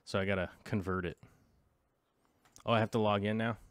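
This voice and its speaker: A man with a fairly low, clear, resonant voice speaks fairly quickly in a steady tone. The studio-quality recording has no echo. As an aquarium hobby vlogger, he chats casually while browsing links, rambling and scatterbrained and breaking off to look things up.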